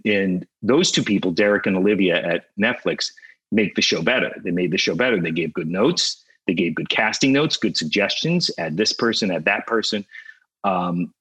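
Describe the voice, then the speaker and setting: A man telling the story of pitching his show in a casual interview, rambling with many fillers and restarts. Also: a bit bright, husky, poor audio.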